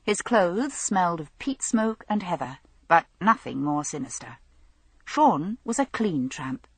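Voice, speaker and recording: A woman reads an audiobook mystery with expressive storytelling, her pitch moving freely up and down. Her voice is low and husky, recorded dry and close to the mic. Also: measured pace, no room sound. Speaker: audiobook narrator. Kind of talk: scripted narration.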